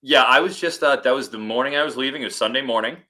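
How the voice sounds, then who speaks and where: Man, football analyst, casual podcast chat, bright tone, mid pitch, animated rambling storytelling. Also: quick pace.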